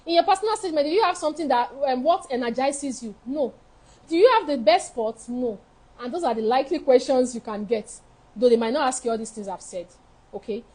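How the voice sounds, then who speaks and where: A woman's voice: sits high, fairly quick, darkish tone, husky, low-quality recording. A woman giving frank, emphatic advice as a study-abroad counselor in a live session, repeating her key points. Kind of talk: live advice session answering viewer questions.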